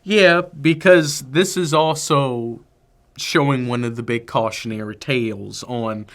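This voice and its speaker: A man co-hosting a film review podcast, chatting casually and giving opinionated, emphatic takes. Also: mid-range voice. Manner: animated, opinionated, drawn-out emphasis. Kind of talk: casual movie review chat.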